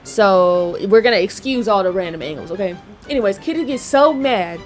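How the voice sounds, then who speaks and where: A woman's voice: medium pitch, animated, normal speed, faint music behind. A woman nail technician chatting casually while working, slangy and checking in with her viewers. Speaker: nail technician and channel host. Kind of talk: casual chat while doing nails.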